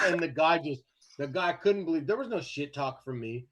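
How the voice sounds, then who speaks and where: A man co-hosting a sports podcast, telling a story in casual chat, animated and profane, often laughing as he goes. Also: a little high, normal speed. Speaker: podcast co-host.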